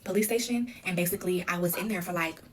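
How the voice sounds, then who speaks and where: A young adult woman telling her own story candidly in an interview, talking in rapid runs full of "like" and quoted dialogue. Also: lowish voice, a little hiss or hum. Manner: rapid, filler-heavy retelling with quoted dialogue.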